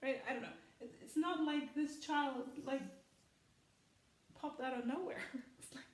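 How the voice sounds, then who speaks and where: A woman who vlogs film commentary talks casually, rambling with many fillers and frequent laughter. Her voice sits high and unhurried, picked up off-mic from a distance in an echoey room.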